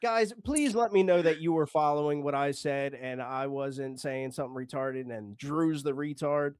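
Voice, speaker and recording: A man's voice: fairly high pitch, moderate pace, a little mellow, smooth, no room sound, clean studio sound. A man telling a long story casually, rambling, swearing and acting out the dialogue.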